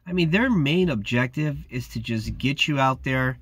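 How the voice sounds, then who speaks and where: A man's voice: mid-range voice, lively intonation, moderate pace, fairly bright tone, slightly rough, dry recording. A man who works as a security guard, talking casually in a laid-back, slangy way and often saying "man". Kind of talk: casual vlog talk.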